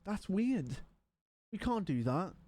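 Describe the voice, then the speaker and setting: Male streamer, a touch high-pitched, sleepy and rambling, bone-dry home desk-mic sound. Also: very animated, slow, mellow, no echo. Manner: chatty, rambling, yawning and tired. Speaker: livestreamer. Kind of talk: casual stream chat.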